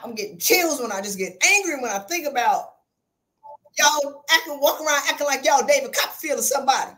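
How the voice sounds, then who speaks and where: Blunt, animated high-voiced woman. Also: brisk. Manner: blunt, preachy, repeats lines for emphasis. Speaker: podcast host. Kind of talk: animated motivational talk.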